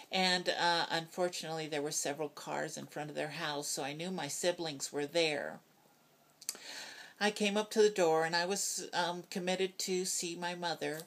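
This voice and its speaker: A woman's voice: deep voice, a bit bright. Older woman telling a personal story. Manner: earnest, halting, many fillers and restarts. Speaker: vlogger. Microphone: phone.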